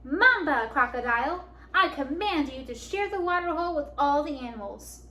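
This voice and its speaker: A woman's voice: lively intonation, moderate pace, bright, forceful tone. A woman voicing a proud male lion king who roars boldly. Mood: commanding. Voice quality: booming roars, grows from timid to commanding. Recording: echoey room.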